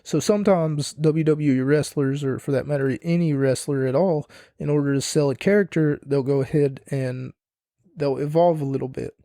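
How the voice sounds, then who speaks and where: A man's voice: on the high side, moderate pace, mellow, dry recording. A young man hosting a podcast, rambling casually and opinionated, swearing now and then. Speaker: podcast host. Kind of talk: casual wrestling review monologue.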